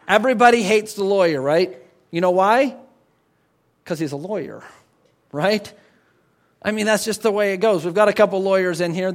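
A man's voice: sits high, fairly bright tone. A male pastor preaching a sermon in a church, conversational and emphatic, often repeating words for stress.

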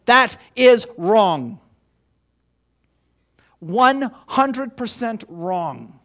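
Man, very high voice, pastor's sermon, emphatic, rhetorical questions. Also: animated, takes it slowly, long pauses, fairly bright tone.

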